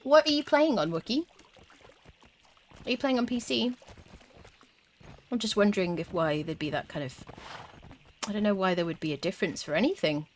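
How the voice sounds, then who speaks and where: A woman's voice: medium pitch, lively intonation, moderate pace, pauses often, slight background noise. A woman streaming a game, chatting casually with her viewers and humming little tunes as she plays. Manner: chatty, talks to chat, hums little tunes. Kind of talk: casual live gameplay commentary.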